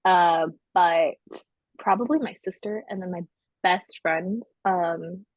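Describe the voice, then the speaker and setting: A woman's voice: fairly low pitch, slow, no echo, highs cut off. A woman co-hosting a casual podcast, talking candidly and with self-mockery, with many fillers. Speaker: podcast co-host.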